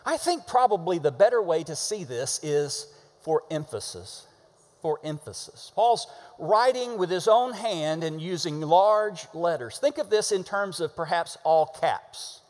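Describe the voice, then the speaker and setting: Animated preacher in a reverberant hall. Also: male voice, fairly high pitch, a little slow. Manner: animated, with sudden shouted emphasis and call-and-response. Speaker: pastor. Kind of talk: sermon.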